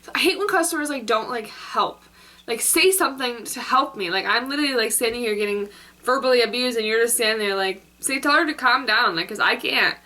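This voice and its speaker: A young woman telling a story in a chatty, rambling way, filling her sentences with "like." Her voice sits a little high and sounds bright and clear. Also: brisk. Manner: chatty, filler-heavy, with lots of "like". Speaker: vlogger. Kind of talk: casual storytime.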